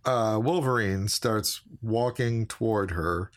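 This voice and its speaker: Man, lowish voice, matter-of-fact, casual podcast plot recap. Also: takes it slowly. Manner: plain, matter-of-fact retelling. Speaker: podcast co-host. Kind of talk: casual movie recap chat.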